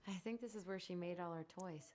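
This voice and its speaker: A curious young woman in a story game, inquisitive and quick to tease, as an actress plays her. Her voice sits a little lower than most women's. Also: a little mellow, close to an everyday voice. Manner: teasing, inquisitive. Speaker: game character. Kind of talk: video game dialogue.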